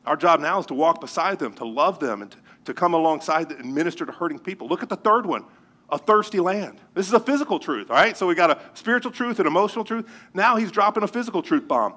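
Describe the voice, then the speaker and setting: A male pastor preaching a sermon, animated and joking as he tells stories. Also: on the high side, quick pace. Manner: animated storytelling with jokes.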